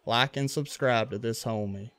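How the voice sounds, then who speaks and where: With soft background music, a man from western Louisiana streams a baseball video game in a mid-range voice at normal speed. His Louisiana accent comes through as he chats casually with viewers, relaxed and reacting to plays.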